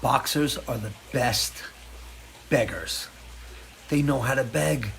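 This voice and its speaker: A man chatting casually and crudely from his porch, his voice at an ordinary middle pitch. He jokes around and talks to his dogs, with faint outdoor ambience behind him. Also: takes it slowly, gravelly, fairly bright tone, slight background noise. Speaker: host. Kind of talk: casual live-stream chat. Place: home porch.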